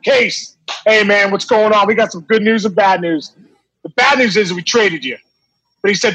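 A man in his forties, a former baseball player, telling a story in casual, animated talk with many fillers and restarts. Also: high-pitched, husky, no echo, low-quality recording.

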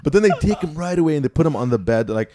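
A man's voice: fairly high pitch, expressive, very fast, a loud crowd. A young man, a podcast host, telling a long story in casual chat, packed with "like" and "you know".

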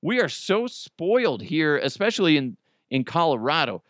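A man from the United States hosting a casual news commentary podcast, animated and swearing freely, laughing often. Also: on the high side, moderate pace, dry recording, studio quality. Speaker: podcast host.

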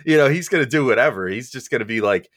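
A man's voice: medium pitch, animated, fast, a bit bright, no room sound, clean studio sound. A man hosting a casual podcast, rambling and joking, laughing easily as he moves between topics. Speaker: podcast host.

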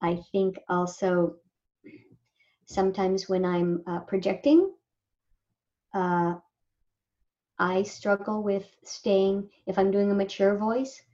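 A woman voice actor from Southern California talking casually in an interview, animated and quick to mimic people. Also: mid-range voice, highs cut off. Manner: animated, slips into lively mimicry of others. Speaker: voice actor guest.

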